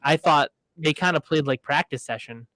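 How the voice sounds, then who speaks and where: A man with a fairly high voice, recorded close and dry, co-hosts a casual podcast about bowling. He jokes sarcastically and often stops to restart his sentences. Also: pushed and bright, dry recording, poor audio. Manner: joking, sarcastic, halting restarts. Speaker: podcast co-host.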